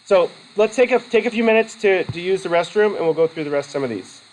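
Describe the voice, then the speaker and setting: A college instructor with a high, expressive voice talks fast through a casual, rambling classroom lecture. He's chatty and keeps interrupting himself mid-sentence, and the recording quality is low.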